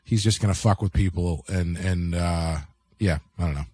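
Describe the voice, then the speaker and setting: A man's voice: sits low, fairly even intonation, normal speed, a little mellow, husky, dry recording. A man co-hosting a podcast in a rambling, casual review chat, swearing now and then. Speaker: podcast co-host.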